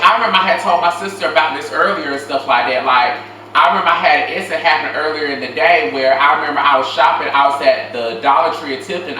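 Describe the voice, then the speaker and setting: Woman host, casual reaction chat, emphatic and chatty, bright forceful tone, recorded from a distance. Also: deep voice. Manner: chatty, emphatic, lots of filler. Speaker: show host. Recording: echoey room, mic at distance, faint noise.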